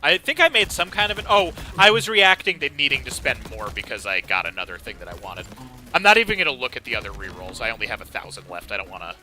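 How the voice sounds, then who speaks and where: Excitable bright-voiced man gaming. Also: mid-range voice, fast, soft background music. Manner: excitable, reacts loudly with gasps and exclamations. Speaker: streamer playing a co-op game. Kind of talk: casual gameplay chat.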